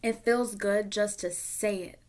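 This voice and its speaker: A tarot reader speaks to camera in an unhurried, slightly mellow medium-pitched voice with fairly even intonation. Her casual reading is candid and emotional, sometimes sinking to a near whisper.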